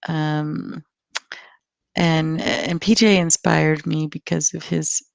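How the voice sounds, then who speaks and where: A woman's voice: low-pitched, little pitch movement, slow pace, vocal fry, dry recording. A woman guest chatting casually on a live stream, giggly and rambling with many ums. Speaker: guest co-host.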